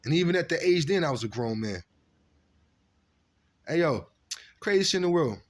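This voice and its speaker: A man casually telling stories from his past, animated and profane, acting out what people said. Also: on the high side, normal speed. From Virginia. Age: adult. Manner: animated, profane street storytelling with acted-out quotes. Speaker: storyteller recounting his past. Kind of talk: casual storytelling monologue.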